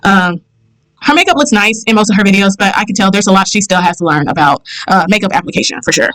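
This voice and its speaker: A woman's voice: medium pitch, quick pace, fairly bright tone, poor audio. A woman from the American South with a Southern accent, giving blunt, sassy reaction commentary as the host of her channel. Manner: blunt, sassy, repeats herself for emphasis.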